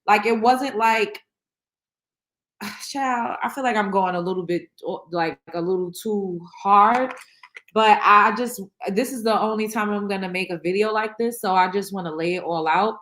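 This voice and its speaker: In her reaction vlog, a show host with a medium-pitched, fairly bright voice talks at normal speed. Her candid address to camera is emotional and blunt, laced with swearing, fillers and many restarts as she rambles.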